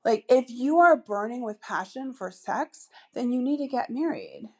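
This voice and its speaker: A woman's voice: on the high side, expressive, moderate pace, darkish tone. A woman hosting a solo podcast as a dating coach, chatty and upbeat, with many asides and fillers.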